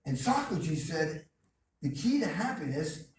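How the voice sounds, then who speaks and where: A man with a fairly high, sing-song voice speaks unhurriedly as a guest at a college, delivering an emphatic motivational talk packed with stories and repeated phrases. The lecture hall recording is distant and echoey, with faint noise.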